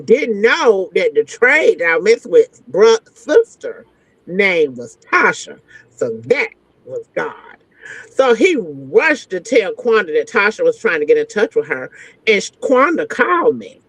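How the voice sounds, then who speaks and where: A woman's voice: medium pitch, very animated, a little slow, no room sound. A woman guest entertainer telling a story in a frank, profane, slang-heavy way. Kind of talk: animated storytelling. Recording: dull lo-fi, dry sound.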